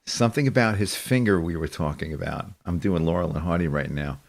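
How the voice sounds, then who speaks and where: A man's voice: low-pitched, brisk, creaky. A man hosting a show, telling rambling stories in casual chat and laughing often. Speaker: show host.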